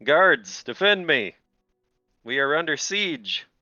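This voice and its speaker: A cornered lord, frightened and stammering, his voice jumping up higher when he panics, as a man acts him out. He shouts for his guards in a bright, forceful tone. The recording sounds slightly dull and dry. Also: moderate pace, clean tone, dry recording, soft background music. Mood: panicked.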